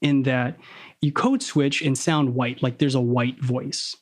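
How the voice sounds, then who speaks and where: Crisply enunciating male podcast guest. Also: mid-range voice, steady tone. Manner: deliberately crisp, over-enunciated diction; analytical, probing, self-correcting. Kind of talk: casual conversation.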